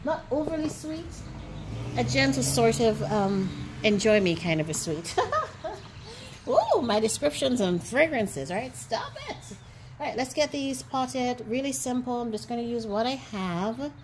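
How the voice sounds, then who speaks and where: A woman's voice: a little high, very animated, a little slow, background noise. A woman hosting a gardening vlog outdoors, chatting casually and playfully to the camera, teasing herself. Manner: chatty, playful, self-teasing, calls viewers beautiful people. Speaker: gardening channel host.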